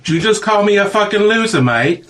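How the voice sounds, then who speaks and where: A man puts on a childlike shapeshifting space being with a thick Australian accent. The voice is bright and lifted, bouncing with friendly, clueless cheer. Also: high-pitched, animated, fairly quick, pitched above the performer's own voice. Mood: baffled. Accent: Australian, put on. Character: naive friendly shapeshifting space creature, male.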